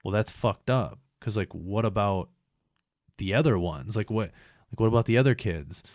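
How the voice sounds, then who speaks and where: Young guy hosting a chat, lowish voice, swears constantly, dry sound. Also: lively intonation, moderate pace, darkish tone, no echo. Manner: swears a lot, rambling with restarts. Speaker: host. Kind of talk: casual chat. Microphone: headphones.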